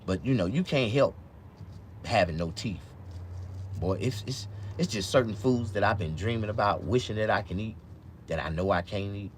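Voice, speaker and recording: A man with a deep, low voice rambles on a casual live stream, talking at normal speed. Missing teeth leave his words loose and slurred, and he swears freely. He swings from low mumbles to loud, excited outbursts over faint background noise.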